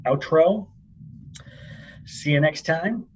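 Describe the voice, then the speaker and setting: A man's voice: a little high, slow, breathy edge, muffled recording. A middle-aged man co-hosting a podcast from an office conference room, chatty and joking in casual chat. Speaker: podcast co-host. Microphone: laptop mic.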